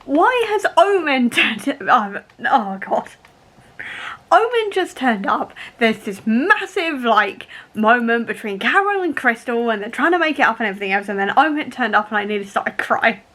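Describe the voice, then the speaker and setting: A woman's voice: on the high side, big pitch swings, moderate pace, bright, forceful tone. A young woman talking in a casual reading vlog, emotional and laughing through tears as she reacts to a book. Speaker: book vlogger.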